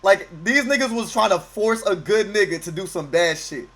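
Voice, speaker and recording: A man's voice: sits high, animated, moderate pace, fairly bright tone. A young man streaming from home, reacting to a video with casual, profane, joking slang and talking over it. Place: home at night, keeping voice down.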